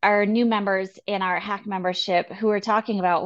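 A woman co-hosting a casual health podcast, talking in an earnest, encouraging way and quoting people in quick asides. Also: medium pitch, steady tone, lo-fi sound. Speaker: podcast co-host.

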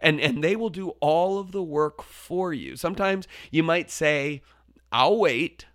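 A man, a teacher, telling a story about his classroom in an animated way, dropping to a hush for effect. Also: fairly high pitch, measured pace, dry recording, studio quality. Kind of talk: storytelling talk.

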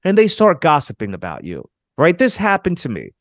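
A man's voice: on the high side, wildly swooping pitch, brisk, no room sound, clean studio sound. A man co-hosting a podcast, giving dating advice in an emphatic, coaching way and calling his listeners fellas. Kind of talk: casual podcast chat.

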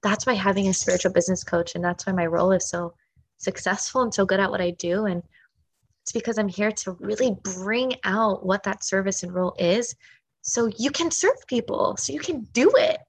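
A woman hosting a casual podcast chat as a spiritual business coach, gushing and emphatic, breaking into animated outbursts. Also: mid-range voice, normal speed, slightly rough. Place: home, with a dog running around.

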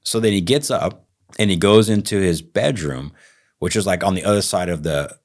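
A man with a Texas accent, co-hosting a podcast and telling a story in a casual, animated way, acting out the lines he quotes. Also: deep voice, moderate pace. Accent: Texan. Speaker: podcast co-host.

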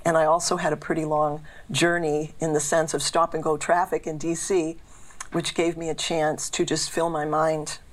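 A woman's voice: sits low, flat delivery, moderate pace. A woman in her sixties from the Boston area, a guest telling her faith story in an earnest, reflective way. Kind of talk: faith testimony in casual interview.

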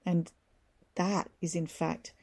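A woman's voice: lowish voice, level tone, slow, mellow. A woman hosting a reflective solo talk show, earnest and encouraging, lingering on the key words. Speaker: podcast host.

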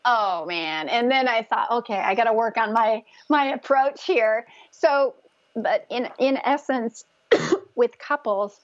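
A woman guest speaking gently and earnestly about spiritual connection, with frequent restarts. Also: a little high, slow, no echo, muffled recording. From Northern California. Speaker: guest, conception coach. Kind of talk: casual interview talk.

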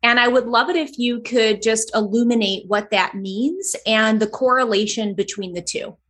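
A woman hosting a podcast interview, enthusiastic and affirming, retelling her own story in an animated way. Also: fairly high pitch, moderate pace, breathy edge. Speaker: podcast host. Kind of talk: interview conversation.

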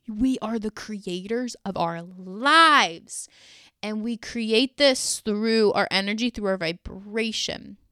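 Earnest woman with a smooth, higher voice. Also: a bit bright, dry recording, studio quality. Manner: earnest and heartfelt, with casual fillers like "like" and "y'all". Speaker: podcast host. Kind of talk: solo motivational podcast talk.

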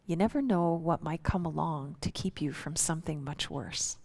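A woman voicing the calm inner voice in her head, giving quiet, matter-of-fact warnings. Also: low voice, normal speed, vocal fry.

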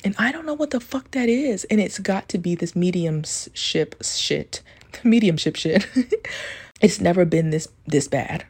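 A woman hosting a podcast, talking in a candid, confessional way, swearing freely and keeping her voice low so she won't be overheard. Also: expressive, measured pace, darkish tone, husky. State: talking low to stay quiet. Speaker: podcast host. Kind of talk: casual confessional monologue.

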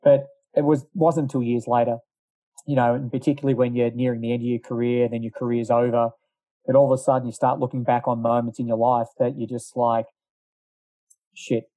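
Middle-aged man, ex-runner, storytelling, loose and rambling, mellow dark tone. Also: mid-range voice, level tone, fast, no echo. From Australia. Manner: rambling, lots of fillers and asides. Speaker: former distance runner. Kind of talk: casual storytelling.

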